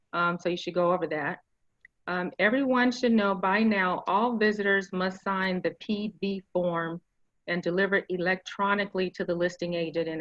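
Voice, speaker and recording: A middle-aged woman leads an informal online training over a video call, full of fillers and little asides. Her voice sits at an ordinary pitch, and the sound is dry and slightly dull, as through a call mic. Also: a bit bright, no echo. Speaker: real estate trainer.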